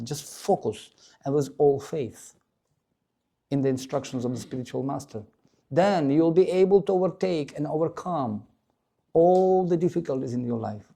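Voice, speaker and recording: Man, devotional lecture, gravelly, dark voice, animated storytelling. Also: on the high side, moderate pace. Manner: animated, acts out the dialogue of the story; chants Sanskrit verses. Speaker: preacher.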